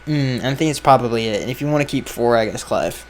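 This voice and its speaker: A man's voice: medium pitch, lively intonation, fast talker, a little hiss or hum. A man hosting a podcast, chatting casually and giving blunt, offhand opinions, his sentences often trailing off, recorded outdoors. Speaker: podcast host answering fan questions. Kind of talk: casual chat. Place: outdoors with flies around.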